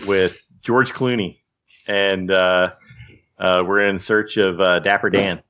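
Man, podcast host, casual chat, deep-ish voice, muffled audio. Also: slow, very noisy. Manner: relaxed, rambling with fillers.

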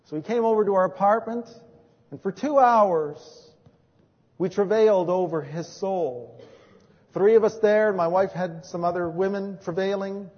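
A man preaching as a pastor, telling stories from his ministry and moving between hushed and emphatic delivery. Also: high voice, moderate pace. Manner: storytelling, swings from hushed to emphatic. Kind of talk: sermon with personal testimony. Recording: dull recording in a reverberant hall.

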